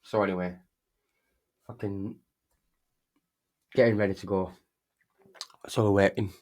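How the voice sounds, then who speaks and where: A man's voice: sits low, steady tone, unhurried, a little mellow, highs cut off. A young man, casually telling a rambling, sweary story while streaming. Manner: rambling, heavy swearing, frequent restarts.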